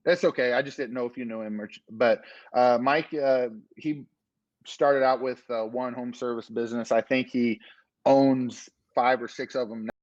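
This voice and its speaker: A man's voice: mid-range voice, steady tone, moderate pace, no room sound, muffled recording. A man guest on a podcast, telling a long, rambling story with many "uh" fillers in a casual interview. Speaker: podcast guest, business owner.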